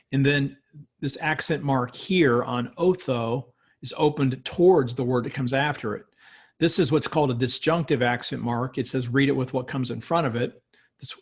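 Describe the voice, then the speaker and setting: A man lecturing as a biblical studies professor, slowly reading and explaining a Hebrew text word by word. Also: medium pitch, creaky, slightly rough. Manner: slow, thoughtful, pauses on words.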